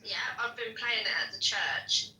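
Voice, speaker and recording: A woman's voice: a little high, normal speed, bright, forceful tone, reverberant, far from the mic, low-quality recording. A woman chatting casually and rambling on a livestream call. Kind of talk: casual chat.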